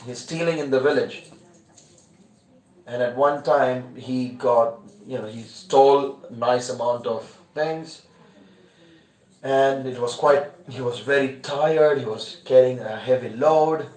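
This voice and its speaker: A man's voice: mid-range voice, darkish tone. A man telling a story during a scripture class, in a loose, conversational way. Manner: conversational, loose, many "you know" fillers. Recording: roomy echo.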